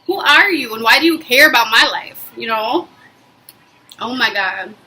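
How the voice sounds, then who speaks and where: A woman's voice: on the high side, unhurried, rough recording. A young woman vlogging, telling a personal story in a casual, emphatic way with lots of fillers. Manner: emphatic, animated retelling with frequent fillers.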